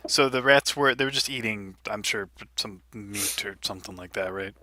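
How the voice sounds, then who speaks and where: A man's voice: fairly low pitch, normal speed, bright, forceful tone, no room sound. A man playing a tabletop game, joking around and speaking a bit hesitantly in casual chat. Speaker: player.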